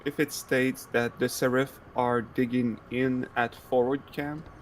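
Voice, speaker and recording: A man's voice: medium pitch, flat delivery, unhurried, slight background noise. A man on a game voice chat, explaining helpfully and swearing casually.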